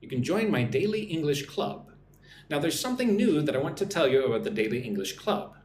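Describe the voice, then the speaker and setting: A man's voice: fairly high pitch, sing-song, a little mellow, reverberant, slight background noise. American man teaching English on a live stream. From United States. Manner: slow, clear teacher talk with frequent "right?" checks.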